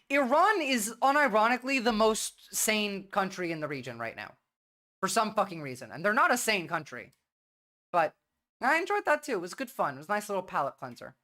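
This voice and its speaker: A woman's voice: medium pitch, a bit bright. A woman hosting a livestream, talking bluntly and rambling in casual commentary. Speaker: livestream host.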